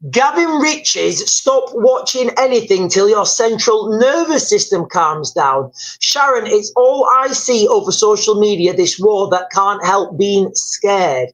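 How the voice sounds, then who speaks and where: A man's voice: high voice, lively intonation, unhurried, hardly any pauses, rough recording. A British man hosting a live stream, talking through world events at length, often restarting sentences, calling his viewers "guys" and reading out their comments. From United Kingdom. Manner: rambling, repeats and restarts words, addresses viewers as guys.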